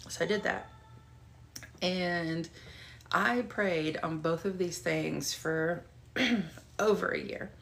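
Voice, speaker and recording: Lady doing bible study from home, low gravelly voice, chatty and rambly with lots of ums. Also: slow, pauses often, fairly bright tone, slight background noise. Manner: chatty and rambling, with many fillers. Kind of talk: casual Bible study and personal testimony. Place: at home, with a cat nearby.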